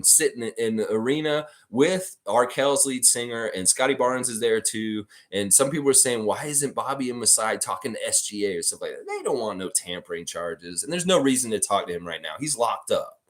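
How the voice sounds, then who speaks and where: A man hosting a casual live stream, rambling and reading viewer comments aloud. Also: medium pitch. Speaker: livestream host.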